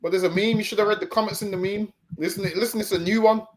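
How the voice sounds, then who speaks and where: A man's voice: high voice, fairly even intonation, fast. A man hosting a live stream show, chatting casually and often stammering and repeating words. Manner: stammering repetitions, easygoing.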